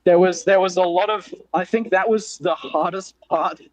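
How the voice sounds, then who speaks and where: Casting note: male participant, somewhat high voice, chatty explainer full of fillers. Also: fairly even intonation, moderate pace, poor audio. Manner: explains with many fillers and laughs. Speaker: relay participant. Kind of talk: casual group video call.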